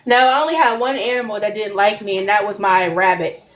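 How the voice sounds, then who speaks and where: A woman's voice: mid-range voice, brisk, low-quality recording. A woman in casual chat, recounting funny clips and reacting with giggles.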